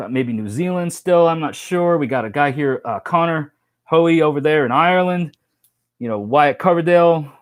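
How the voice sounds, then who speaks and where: A man hosting a casual live stream, telling rambling stories and reading chat comments, with lots of fillers and restarts. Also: fairly high pitch. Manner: rambling, chatty storytelling with many fillers and restarts.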